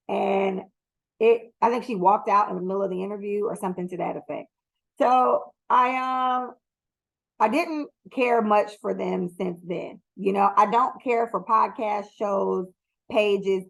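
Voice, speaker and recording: A woman's voice: medium pitch, creaky, rough recording. Blunt, profane woman podcast host. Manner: blunt, profane, rambling with many ums. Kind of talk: casual solo commentary.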